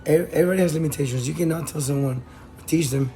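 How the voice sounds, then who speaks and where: A man giving casual relationship advice, talking in a halting way with many fillers and restarts. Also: on the high side, warm tone, faint music behind, low-quality recording. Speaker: advice host.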